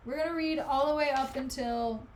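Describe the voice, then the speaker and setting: A woman's voice: high voice, fairly quick, a little hiss or hum. A young woman streamer reading a play aloud and chatting sarcastically about it in slang.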